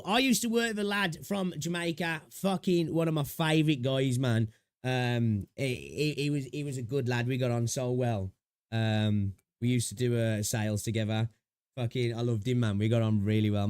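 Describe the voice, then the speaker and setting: A man's voice: medium pitch, a little mellow, no room sound, studio quality. A young British man hosting a gaming livestream, rambling and chatting with viewers, swearing freely. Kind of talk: casual livestream chat.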